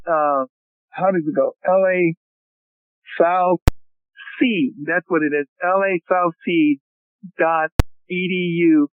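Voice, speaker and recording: A man in his sixties, a college football coach, telling stories with energy during a phone interview and often calling the hosts "fellas". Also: on the high side. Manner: animated storyteller who keeps addressing the hosts as "fellas". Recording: tinny phone line with hiss.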